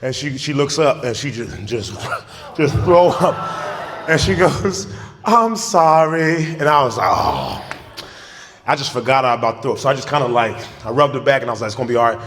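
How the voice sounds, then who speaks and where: A man doing storytelling stand-up, animated and laughing at his own story, with loud acted-out outbursts. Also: medium pitch, normal speed. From United States. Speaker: stand-up comedian. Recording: live venue with long reverb and faint noise.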